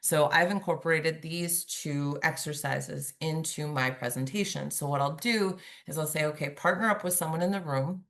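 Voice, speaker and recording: A woman's voice: sits low, moderate pace, few pauses, a bit bright. A woman giving a conversational webinar presentation over a video call, chatty and humorous, acting out examples as she goes. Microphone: remote video call.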